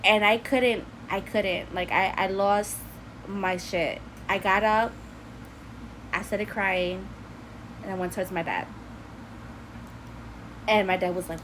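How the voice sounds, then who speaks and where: A young woman from New City, telling a personal story in casual chat from her bedroom, animated and laughing often as she acts out quotes. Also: mid-range voice, takes it slowly, long pauses, a little hiss or hum, poor audio. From New York City.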